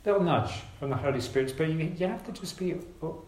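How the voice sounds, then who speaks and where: A man preaching a sermon to his congregation, earnest and gentle, urging his listeners with repeated phrases. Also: on the high side, animated, fast, reverberant, low-quality recording.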